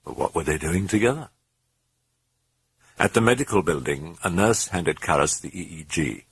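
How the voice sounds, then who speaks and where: A grave male narrator with a very deep, gravelly, husky voice and a lively, expressive pitch. He tells the story in a measured, ominous way, recorded close and dry. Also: no room sound. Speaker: audiobook narrator. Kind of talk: dramatic audiobook narration.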